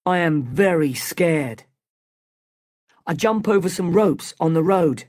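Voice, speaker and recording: A man narrating a first-person storybook for English learners, speaking slowly and clearly. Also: fairly high pitch, lively intonation, a little mellow. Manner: slow, careful, clearly spoken.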